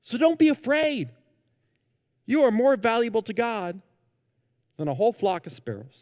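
A man's voice: very high voice, very animated, moderate pace, a little mellow, in a large hall, muffled recording. A man preaching a sermon as pastor, earnest and emphatic, in a church sanctuary.

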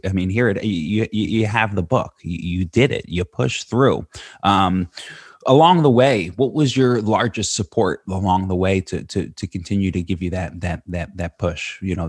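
A man's voice: low-pitched, slightly rough, no echo, clean studio sound. A man hosting a podcast interview, who halts, repeats words and restarts often. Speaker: podcast host.

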